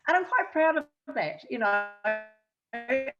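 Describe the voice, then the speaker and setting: A woman's voice: sits high, expressive, measured pace, lo-fi sound, soft background music. A woman with a New Zealand accent, a guest in an interview, telling chatty stories and laughing often. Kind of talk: casual interview chat.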